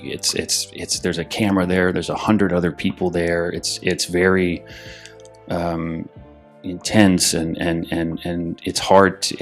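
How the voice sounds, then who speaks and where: A deep-voiced man talks casually about acting in an interview. He rambles and restarts often and repeats his words. Soft music plays behind him. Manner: acts out his own frantic thoughts in a loud, high voice. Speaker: actor interviewed.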